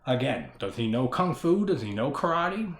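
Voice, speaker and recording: A man's voice: medium pitch, big pitch swings, normal speed, echoey room. A man giving a casual solo discussion of a horror film, ranting with plenty of swearing and frequent laughter. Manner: profane, ranting, laughs often.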